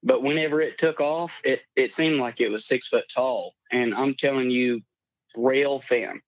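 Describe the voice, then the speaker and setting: A man's voice: medium pitch, a little slow, no echo. Caller, man, late 20s, plainspoken and rambling; dull, dry lo-fi audio. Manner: rambling, plainspoken storytelling with profanity. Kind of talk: telling a personal encounter story.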